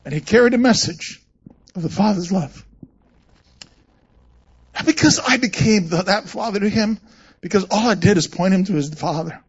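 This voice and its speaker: A man's voice: high-pitched, normal speed, pauses often, husky. A man preaching a sermon as a pastor, telling stories and acting out quoted voices with animation. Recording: muffled lo-fi sound.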